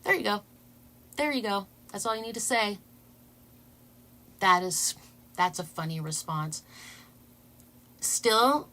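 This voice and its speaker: A woman's voice: mid-range voice, sharp tone. A woman vlogger telling a funny story to her viewers in a casual way, laughing often and tripping over her words.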